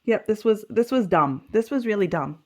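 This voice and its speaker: A woman's voice: medium pitch, lively intonation, normal speed, a little mellow. A woman with an Australian accent, chatting casually through a sew-along video, talking to herself and laughing at her own mistakes as she works. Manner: chatty, self-deprecating, talks to herself while working. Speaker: sewing vlogger.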